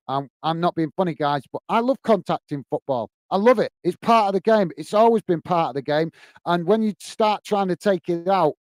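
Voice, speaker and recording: A man's voice: on the high side, darkish tone, no room sound. A man hosting a live football fan watch-along, chatting enthusiastically with viewers, full of fillers and calling everyone mate. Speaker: fan channel host.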